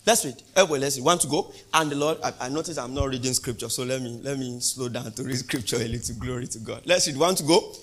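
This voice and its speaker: A male pastor preaching a sermon, asking the congregation questions and building to loud, emphatic peaks. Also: medium pitch, quick pace, hardly any pauses.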